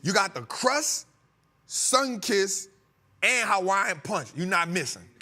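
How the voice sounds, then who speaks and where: A man's voice: sits high, slow. A male host talking stocks in a loose, joking way, laughing and teasing his crew. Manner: animated, joking, laughing often. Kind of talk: comedic finance talk show.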